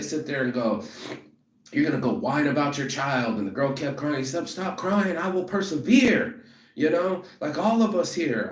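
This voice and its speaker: A man in a profane motivational rant about rejection, emphatic and repetitive, who says he is walking toward a train station. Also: mid-range voice. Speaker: vlogger. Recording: echoey, from a distance.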